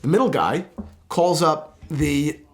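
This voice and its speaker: A man's voice: a little high, takes it slowly. A young man, a podcast host, telling a story in casual chat and acting out the people in it with many restarts. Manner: animated storyteller acting out quoted characters, frequent restarts.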